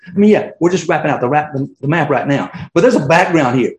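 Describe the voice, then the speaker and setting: A middle-aged pastor preaches in a loose, conversational way, circling back through fillers and restarts. His voice sits a little high for a man. The church echo rings around him. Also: lively intonation, fairly quick. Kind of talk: sermon. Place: church sanctuary.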